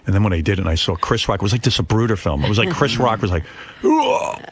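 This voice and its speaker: A man's voice: lowish voice, very fast, a little hiss or hum. An older man hosting a radio show, telling a story in casual chat and acting out the voices of the people in it. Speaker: radio host. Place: radio studio.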